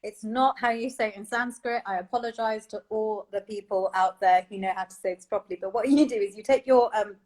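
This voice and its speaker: A woman's voice: medium pitch, fairly even intonation, fairly quick, few pauses, darkish tone. A woman vocal coach guiding listeners through breathing exercises, encouraging and instructive, laughing often.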